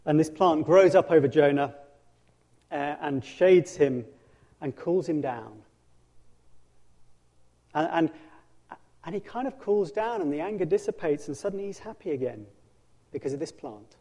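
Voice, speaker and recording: Animated preacher, slightly high voice. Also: male voice, unhurried, pauses often. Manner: animated storytelling, dramatizing scripture; frequent restarts and self-corrections. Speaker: pastor. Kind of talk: sermon.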